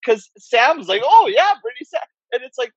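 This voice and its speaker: A man's voice: very high-pitched, very animated, moderate pace, dry recording, muffled recording. A man in a casual podcast chat, making wry joking asides. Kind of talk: casual chat among friends.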